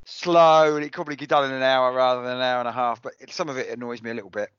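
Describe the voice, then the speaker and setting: A man's voice: mid-range voice, steady tone, rapid-fire, a bit bright, clean tone, dry recording. An Englishman co-hosting a podcast in casual chat, speaking hesitantly with many restarts. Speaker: podcast co-host. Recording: dry, dull lo-fi podcast audio.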